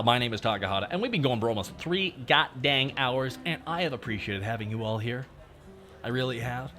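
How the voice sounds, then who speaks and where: Animated, profane male streamer ranting. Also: medium pitch. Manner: ranting, profane, talks straight to chat. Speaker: VTuber streamer. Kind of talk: casual livestream chat.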